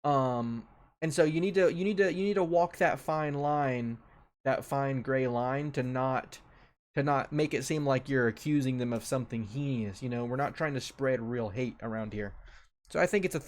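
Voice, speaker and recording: A man's voice: mid-range voice, moderate pace. A young man giving casual commentary as a streamer ranking a tier list, offhand and loose, often repeating his own phrases.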